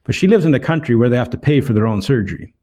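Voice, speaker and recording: A man's voice: medium pitch, expressive, racing, dark tone. A man telling Bible stories and personal testimony in an earnest way, acting out the dialogue as he goes. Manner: earnest, retells dialogue with emphasis. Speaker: street evangelist.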